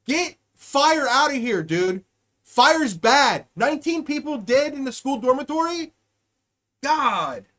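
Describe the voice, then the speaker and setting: A young-adult podcast host ranting sarcastically and profanely on a live stream, swinging between loud outbursts and mutters. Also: high voice, animated, slow pace.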